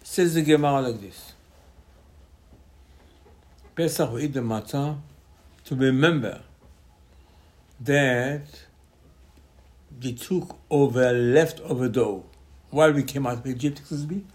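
A man's voice: medium pitch, slow pace, pauses often, a little mellow. A man, a rabbi giving an informal Torah class in choppy English with lots of repetition. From Israel. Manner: choppy non-native English with many repetitions.

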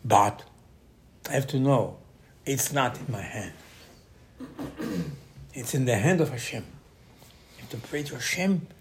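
A man teaching a Torah class as an animated story. He acts out quoted voices with sudden loud bursts and mixes Hebrew terms into his English. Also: medium pitch, slow pace, long pauses, noisy background.

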